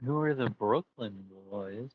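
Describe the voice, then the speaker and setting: A man's voice: fairly low pitch, measured pace, phone-quality sound, slight background noise. A man playing in a tabletop game, joking around with the group. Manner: playful, jokey. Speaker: player. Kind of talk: tabletop role-play chat.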